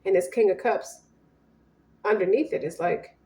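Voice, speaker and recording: A woman's voice: medium pitch, moderate pace, a little mellow, echoey room. A woman giving a casual tarot reading in a blunt, profane way, voicing both partners in turn. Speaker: tarot reader.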